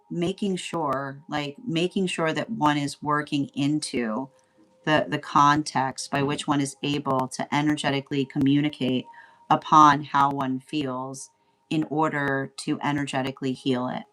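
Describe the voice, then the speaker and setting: A woman's voice: sits low, level tone, unhurried, a bit bright. A woman giving a casual spoken tarot reading, rambling and often asking "right?" as she laughs along. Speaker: tarot reader.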